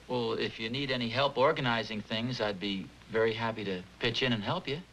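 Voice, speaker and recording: A man's voice: mid-range voice, a little fast, background noise, close to an everyday voice. An actor playing a genial, well-meaning middle-aged father who likes to meddle, talking with hesitant chuckles. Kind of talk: 1950s sitcom acting.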